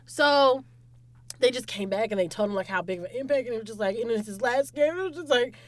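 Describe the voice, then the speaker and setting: A young woman chatting casually as a podcast co-host, lively and acting out quotes. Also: fairly high pitch, fast talker, no room sound. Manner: animated, acts out quotes in loud voices. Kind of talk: casual chat.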